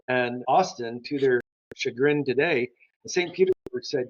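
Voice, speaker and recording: A man's voice: mid-range voice, a little slow, breathy edge, no echo. An older man, a guest art historian, telling enthusiastic stories in an interview and acting out the dialogue in them. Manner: enthusiastic anecdotes, acts out dialogue. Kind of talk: storytelling interview. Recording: slightly dull lo-fi sound.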